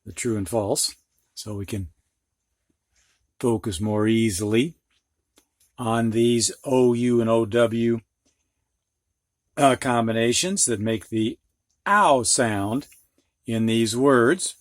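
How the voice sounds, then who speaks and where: A man's voice: medium pitch, fairly even intonation, takes it slowly, pauses often, no echo, clean studio sound. An older man teaching a reading lesson, patiently sounding out words and explaining them with everyday examples. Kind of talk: phonics lesson for students and teachers.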